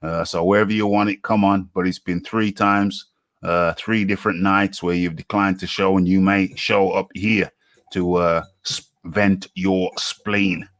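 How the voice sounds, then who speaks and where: A man's voice: deep voice, little pitch movement, fairly bright tone, no echo. A man hosting a live boxing talk show, chatty and teasing. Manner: chatty, teasing, quick asides. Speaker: host.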